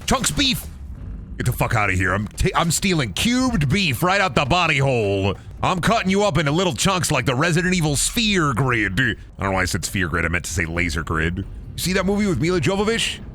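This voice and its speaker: A man's voice: mid-range voice, a little fast, slight background noise. A man streaming a game, ranting and rambling with plenty of swearing as he plays. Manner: profane, rambling, animated ranting. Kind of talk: casual gameplay commentary.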